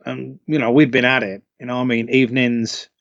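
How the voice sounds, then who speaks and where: A man from the UK, a singer being interviewed, telling stories in a relaxed, chatty way and laughing often. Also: mid-range voice, a little fast, vocal fry, no echo. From United Kingdom. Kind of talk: casual interview storytelling. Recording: dull, lo-fi, dry call audio.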